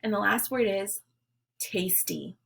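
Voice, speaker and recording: A woman teacher leading young children through a phonics lesson, giving words slowly and clearly for them to repeat. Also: medium pitch, expressive, a bit bright. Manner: slow, clear, leading call-and-response drills.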